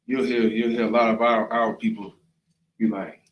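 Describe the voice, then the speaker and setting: A man's voice: medium pitch, little pitch movement, moderate pace, dull audio. Conversational man in an echoey room. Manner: conversational, often asks "right?" and "you know what I'm saying?". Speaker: class leader. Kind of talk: casual bible class.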